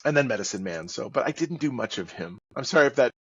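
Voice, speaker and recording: A man's voice: medium pitch, expressive, fast talker, a bit bright, breathy edge, no echo, highs cut off. Casting: chatty male guest, self-mocking storyteller, mid-range voice, close and dry. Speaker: guest author and audiobook narrator. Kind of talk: casual interview chat.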